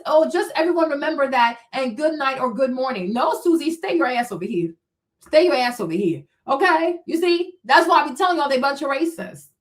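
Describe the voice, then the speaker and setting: A woman hosting a livestream, giving heated, blunt, profane commentary and talking back to her chat. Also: high-pitched. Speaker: livestream host.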